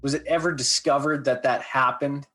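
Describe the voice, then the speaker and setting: A man's voice: mid-range voice, steady tone, normal speed, a bit bright, faint music behind. A man in casual chat, asking the storyteller short, pointed questions.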